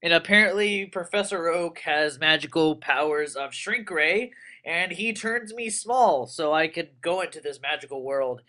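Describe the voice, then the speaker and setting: A young man giving casual, rambling commentary on a game he plays, excitable and full of crude jokes. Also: high-pitched. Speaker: let's player.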